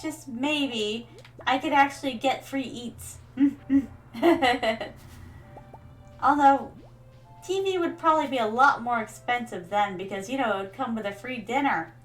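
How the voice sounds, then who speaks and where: A young woman streamer chatting playfully while playing a game, calling viewers her darlings. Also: sits high. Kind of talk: casual gameplay commentary.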